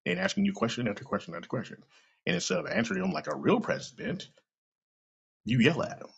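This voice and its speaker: Gravelly man ranting on a podcast. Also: on the high side, big pitch swings, fast talker. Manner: blunt, profane, heated ranting. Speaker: podcast host. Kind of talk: opinion rant monologue. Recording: dull lo-fi recording.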